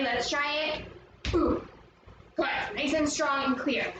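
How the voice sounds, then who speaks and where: Her high voice carries over a noisy background as she guides kids through a movement lesson. She is upbeat and encouraging and explains every step, recorded from a distance in an echoey room with music playing.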